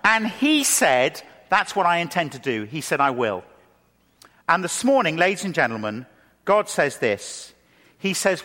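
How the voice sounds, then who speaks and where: A man preaching a sermon who speaks with lively emphasis and slows into a hushed, measured tone when leading a prayer. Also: fairly high pitch. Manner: lively delivery, drops to a slow hushed tone for prayer. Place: church hall. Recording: reverberant hall.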